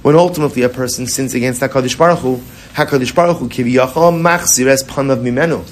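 A man's voice: mid-range voice, fast talker, slight background noise. A man teaching a Torah class in a conversational way, repeating phrases, asking rhetorical questions and mixing Hebrew terms into English.

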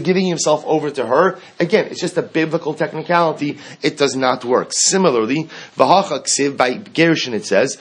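A man's voice: a little high, moderate pace, breathy edge. A man teaching a Talmud lesson, explaining the text line by line and mixing Hebrew and Aramaic terms into English.

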